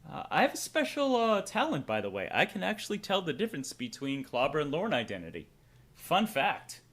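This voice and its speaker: A man's voice: on the high side, sing-song, moderate pace, a bit bright. A young man with a Boston accent, hosting a livestream and rambling to his chat, swearing freely as he goes. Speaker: streamer host.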